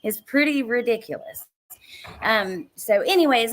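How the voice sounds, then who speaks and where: A fairly high-pitched woman speaks in an animated but unhurried way. She's a true crime live stream host, worn out and chatting casually, bluntly venting her frustration, cursing occasionally, and saying hello to viewers by name.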